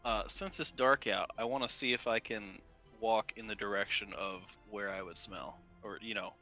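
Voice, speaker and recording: Laid-back bright-toned male player. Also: lowish voice, steady tone, normal speed, soft background music. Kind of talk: casual game chat.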